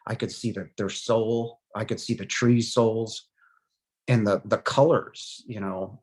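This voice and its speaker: A middle-aged man with a slightly mellow, mid-range voice tells of coming close to death. His telling is emotional and hesitant, dotted with many pauses and filler words.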